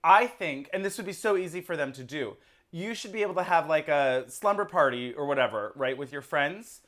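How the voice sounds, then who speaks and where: A man co-hosting a casual movie review podcast, enthusiastic and quick to laugh. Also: on the high side, animated, a bit bright. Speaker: podcast co-host.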